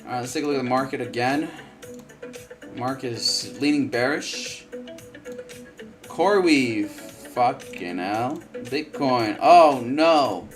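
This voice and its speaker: A man hosts a live trading stream, giving casual market commentary bluntly, swearing often and repeating himself while yawning, tired from lack of sleep. His mid-range voice is expressive and slow, with music in the background.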